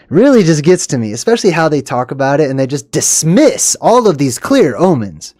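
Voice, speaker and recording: A man hosting an excited commentary on clips, emphatic and animated, with sharp upward jumps on stressed words and lots of "okay" and "all right". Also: fairly high pitch, a little fast, no room sound, clean studio sound. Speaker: video host.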